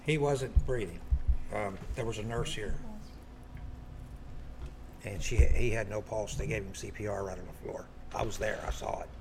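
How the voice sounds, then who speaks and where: A man's voice: on the low side, normal speed, long pauses, noisy background. A man chiming in bluntly with brief interjections as a witness. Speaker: witness guest. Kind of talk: casual chat.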